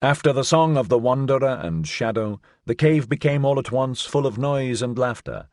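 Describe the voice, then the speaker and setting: A man narrating an audiobook in a measured, formal reading. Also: medium pitch, darkish tone, no echo, studio quality.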